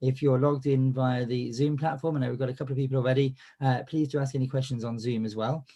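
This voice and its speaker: A man's voice: mid-range voice, steady tone, fast, dark tone. A man with a cold and a cough, hosting a business coaching webinar in a chatty style full of fillers and restarts. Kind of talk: live webinar presentation.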